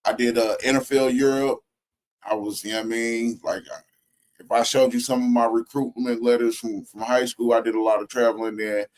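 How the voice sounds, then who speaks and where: A man from Indianapolis co-hosting a casual live stream, rambling through stories with drawn-out asides. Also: mid-range voice, flat delivery, a little mellow. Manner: rambling, storytelling, drawled asides.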